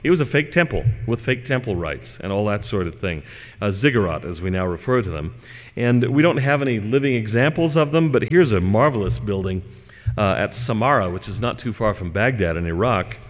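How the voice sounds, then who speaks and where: A man giving a religious lecture and reading scripture, measured and conversational, with fillers and asides. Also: lowish voice, expressive, big-room sound.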